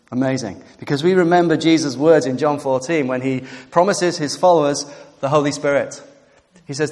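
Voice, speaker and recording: A man preaching a sermon with animated emphasis, building to emphatic peaks and easing into quiet reflection. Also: medium pitch, moderate pace. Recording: long hall reverb.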